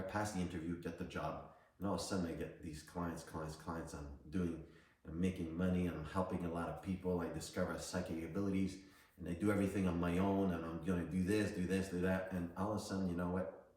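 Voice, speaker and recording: A low-voiced middle-aged man tells his personal story in a relaxed, motivational way. He speaks casually, as a coach would to a class. The sound is roomy, with a strong echo, and he is set back from the mic. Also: a little fast. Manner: casual, storytelling, laughs between lines. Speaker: psychic medium and coach. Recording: very echoey room, distant from mic.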